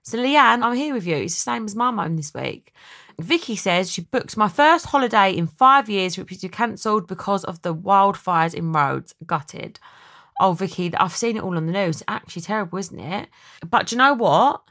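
A woman's voice: animated, a bit bright. A young woman hosting a podcast, chatty and dramatic in a casual chat. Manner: chatty and dramatic, quick swings in pitch. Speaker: podcast host.

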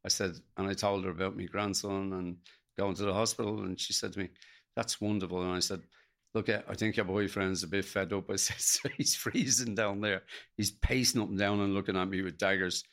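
A middle-aged Irish man, a podcast guest, telling an emotional personal story in a halting way, acting out what others said to him. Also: low-pitched, fairly even intonation, fairly bright tone. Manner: gravelly, halting, retells dialogue in quotes.

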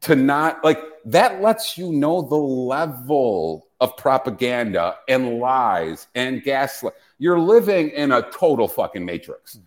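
A man's voice: mid-range voice, animated, takes it slowly, hardly any pauses. A man hosting a casual podcast, ranting with profanity and frequent restarts. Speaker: podcast host.

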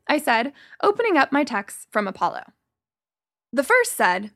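A young woman narrating a first-person story in an animated, expressive way. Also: sits high, moderate pace.

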